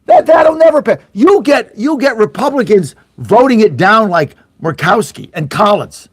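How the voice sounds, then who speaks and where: A man's voice: high voice, expressive, moderate pace, no room sound, clean studio sound. A middle-aged man hosting a political talk radio show, ranting angrily and sarcastically, swearing bluntly and mocking his opponents. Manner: blunt, swears, repeats for emphasis.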